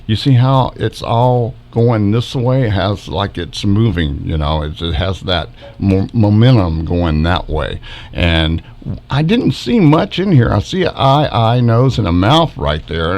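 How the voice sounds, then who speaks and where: Deep voiced guy streaming from home, swoopy excited delivery, lots of "see it right there?". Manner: excitable, wondering aloud, many rhetorical questions. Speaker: backyard paranormal video host. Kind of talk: casual live-stream commentary. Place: home, live stream from his computer.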